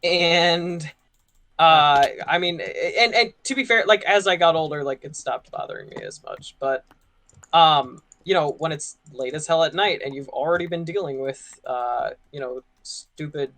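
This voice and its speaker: A young man co-hosting a casual podcast while playing a game, telling a long story. His voice sits a little high, and he rambles loosely, leaning on "like" and "you know" as he goes. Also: normal speed, fairly bright tone. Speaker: podcast co-host.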